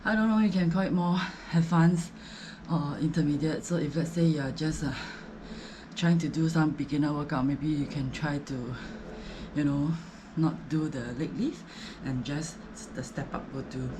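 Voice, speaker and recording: A woman's voice: low voice, steady tone, normal speed, background noise. A Singaporean woman chatting casually about her home workout, slightly out of breath, with lots of fillers. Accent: Singaporean English. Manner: chatty, filler-heavy, rambling explanations. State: breathless between sets. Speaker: fitness vlogger.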